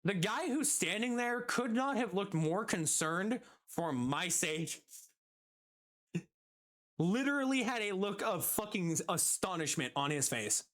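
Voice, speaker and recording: A streamer telling a work story casually, quick and animated, acting out the quotes. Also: medium pitch.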